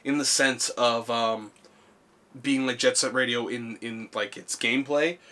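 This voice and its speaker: A man's voice: mid-range voice, fairly even intonation, measured pace, sharp tone, slight background noise. A man co-hosting a casual podcast, joking and giggling, often trailing off mid-sentence. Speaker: podcast co-host.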